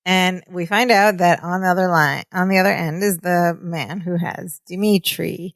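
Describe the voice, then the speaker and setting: A woman's voice: fairly low pitch, fairly even intonation, normal speed, hardly any pauses, no echo, clean studio sound. A woman co-hosting a podcast, retelling a sitcom episode in easygoing casual chat. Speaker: podcast co-host.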